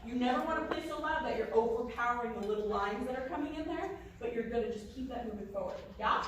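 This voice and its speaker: A woman leading a large band rehearsal, giving lively instructions and singing phrases to demonstrate. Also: on the high side, quick pace. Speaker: band conductor. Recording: echoey room from far off, with noise.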